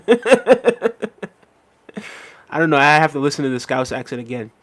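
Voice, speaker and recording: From Jamaica, the host of this live stream goes through viewer comments aloud and replies in an easygoing, talkative manner, leaning on "um" and "you know what I mean". His pitch is medium and his delivery very fast.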